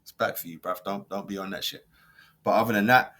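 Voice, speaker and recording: A man, a football fan vlogger, ranting heatedly in slang, jumping from loud mocking outbursts to low muttering. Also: brisk. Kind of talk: reacting and ranting to camera.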